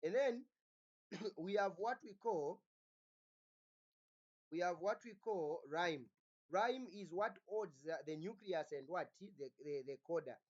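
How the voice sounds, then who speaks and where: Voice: medium pitch, animated, slow pace, long pauses, darkish tone. Lecturer who keeps checking in with the class. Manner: keeps asking the class "what?" and "Are we together?"; repeats words, restarts often. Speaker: teacher. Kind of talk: recorded phonology lecture. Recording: dull lo-fi recording.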